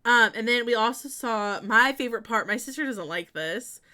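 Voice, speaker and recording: A woman's voice: a little high, expressive, moderate pace, bright, forceful tone. A young woman streaming a building game, chatting casually with lots of fillers and giggles.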